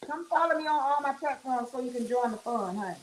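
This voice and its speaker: A woman's voice: high voice, animated, quick pace. A woman hosting a casual livestream while cooking, folksy and chatty, calling viewers honey and child. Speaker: livestream host and weekend DJ. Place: home kitchen. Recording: echoey kitchen with frying sizzle. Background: fish frying and sizzling.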